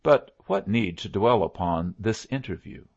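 A man narrates a story in the first person, with a gravelly, husky voice that sits low. His pitch moves expressively as he reads. The recording is dull and lo-fi. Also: expressive, a little slow. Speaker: audiobook narrator.

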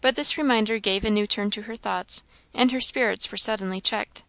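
A woman reading a novel aloud in a steady, measured narration. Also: medium pitch, no echo. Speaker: audiobook reader.

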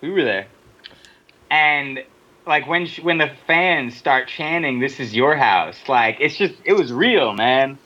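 A man co-hosting a podcast in casual, joking chat, quick to laugh. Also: mid-range voice, animated, sharp tone. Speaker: podcast co-host. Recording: dull lo-fi audio.

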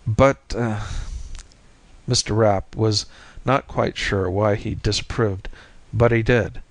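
A man narrating a story in a measured, even reading voice. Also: on the low side, no room sound. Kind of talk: audiobook reading.

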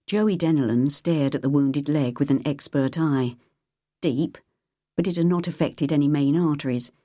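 A woman narrating an audiobook in a measured, even storytelling manner. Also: deep voice, no echo, studio quality.

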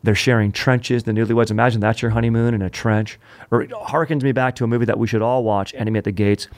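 A man hosting a comedy podcast, telling a history story in an animated, joking way full of puns. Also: mid-range voice, quick pace, no room sound. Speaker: podcast host.

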